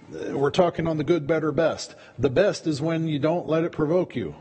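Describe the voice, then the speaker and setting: A man's voice: a little high, moderate pace, warm tone, husky. A man preaching a sermon as pastor, in a conversational way that often repeats words as he goes. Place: church sanctuary. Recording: long church reverb.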